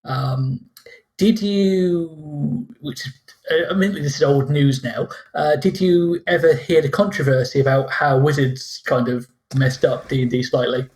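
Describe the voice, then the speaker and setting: A man's voice: on the high side, unhurried, darkish tone. A man, co-host and game master, chatting casually on a podcast with frequent laughs and restarts.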